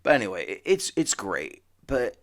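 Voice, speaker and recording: A man's voice: on the low side, huge pitch swings, normal speed, fairly bright tone. A man hosting a casual comic book podcast, rambling and emphatic, with frequent restarts. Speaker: podcast host.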